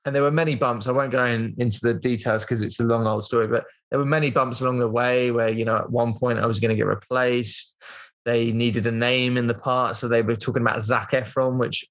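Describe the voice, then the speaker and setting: A man from Britain in his thirties, sitting as a podcast guest. His voice sits at an ordinary middle pitch. He tells a long anecdote casually, full of fillers and restarts. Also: steady tone, a little fast, fairly bright tone. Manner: rambling, chatty, lots of "like" and "um" fillers. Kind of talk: casual storytelling interview.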